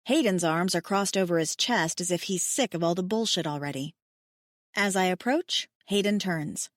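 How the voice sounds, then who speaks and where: A woman narrating a first-person romance audiobook in an expressive, intimate manner. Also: lowish voice, normal speed, no echo, clean studio sound.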